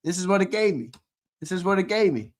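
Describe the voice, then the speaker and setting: A man's voice: high voice, lively intonation, fast talker. A man hosting a sports live stream, bantering casually, laughing often and reading viewer comments aloud. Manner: laughing, playful, reads chat aloud. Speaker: podcast host.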